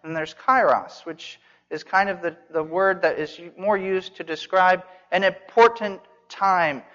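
A man's voice: high-pitched, fairly even intonation, unhurried, fairly bright tone. A man preaching an expository sermon, earnest and emphatic, repeating phrases for stress. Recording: dull sound with long hall reverb.

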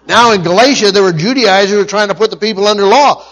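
A man's voice: sits high, quick pace, a bit bright, low-quality recording. A man preaching a sermon, repeating key phrases for emphasis and often restarting his sentences. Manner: emphatic repetition, frequent restarts and stumbles.

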